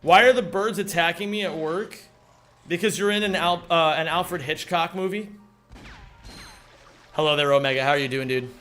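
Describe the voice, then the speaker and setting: A man's voice: on the high side, moderate pace, pauses often, fairly bright tone, soft background music. A man speedrunning a game on stream, casually joking and swearing as he chats with viewers. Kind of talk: casual gaming commentary.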